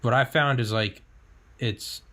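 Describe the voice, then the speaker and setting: A man's voice: mid-range voice, unhurried, fairly bright tone. A young man hosting a casual podcast chat, talking candidly, swearing freely and acting out his own thoughts. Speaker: podcast host.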